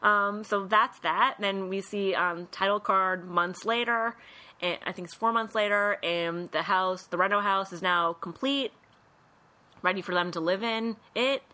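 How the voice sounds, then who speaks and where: A woman's voice: mid-range voice, measured pace, bright, forceful tone. A woman co-hosting a podcast, casually recapping a film and acting out the quotes. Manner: chatty, acts out quotes, says 'like' a lot. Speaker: podcast co-host.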